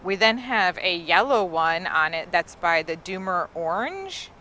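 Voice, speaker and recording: A woman's voice: fairly low pitch, very animated, a little slow, sharp tone, slight background noise. A woman giving a casual, enthusiastic tour of an outdoor garden, admiring the plants in a chatty way. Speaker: gardening vlogger.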